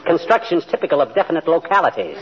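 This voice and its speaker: A blustering husband putting on airs. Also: male voice, fairly high pitch, big pitch swings, fast talker, a bit bright, husky, heavily acted. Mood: mock-posh. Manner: mock-pompous, putting on a fussy English manner. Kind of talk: 1940s radio comedy acting. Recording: muffled old radio broadcast with studio audience and hiss.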